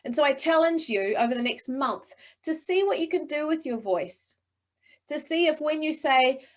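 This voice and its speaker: A middle-aged woman with a slightly high voice leads a webinar session for speakers. She sounds encouraging and expressive. The sound is that of a video call. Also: moderate pace. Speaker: presentation coach. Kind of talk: webinar coaching talk.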